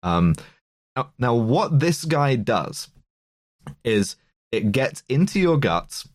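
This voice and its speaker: A man's voice: mid-range voice, sing-song, slow pace, dry recording, clean studio sound. A man presenting slides on a casual podcast, explaining food poisoning with nerdy, jokey rambling and frequent ums.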